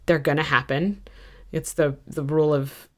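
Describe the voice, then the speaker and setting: A woman with a low-pitched voice chatting as a podcast guest. She tells her stories candidly and pokes fun at herself along the way. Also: fairly even intonation, normal speed, a little mellow. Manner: candid, self-mocking storyteller. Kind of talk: casual podcast interview.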